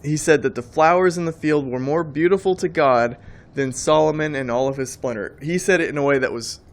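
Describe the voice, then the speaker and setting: A man's voice: fairly high pitch, fairly quick. Rambling, emphatic man preaching. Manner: emphatic, rambling, repeats words. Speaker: Christian speaker. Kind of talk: preaching monologue.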